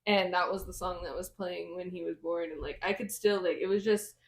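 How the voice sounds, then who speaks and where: A woman's voice: lowish voice, brisk. Chatty young woman telling a story. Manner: animated storyteller, heavy use of "like". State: getting over a cold, sniffly. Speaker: podcast co-host. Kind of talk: casual chat.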